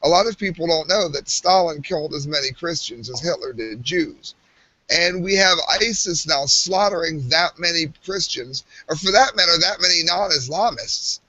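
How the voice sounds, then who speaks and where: A man's voice: a little high, pushed and bright, no room sound. A man co-hosting a live talk show, arguing with heated emphasis and frequent restarts. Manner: impassioned, emphatic, with many restarts. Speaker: podcast co-host. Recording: muffled lo-fi stream audio.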